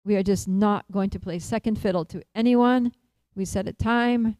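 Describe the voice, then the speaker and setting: A woman's voice: mid-range voice, steady tone, moderate pace, mellow, no echo, close to an everyday voice. A woman voicing a stern, protective female friend who scolds a latecomer firmly in a told story. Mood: stern scolding. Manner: firm, scolding, emphatic.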